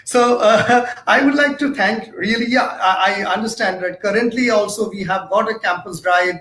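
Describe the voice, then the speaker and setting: A man's voice: high voice, moderate pace, bright, forceful tone. A man hosting an interview, who speaks hesitantly with many fillers and keeps affirming his guest. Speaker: interviewer, host. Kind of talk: conversational interview. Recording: echoey room.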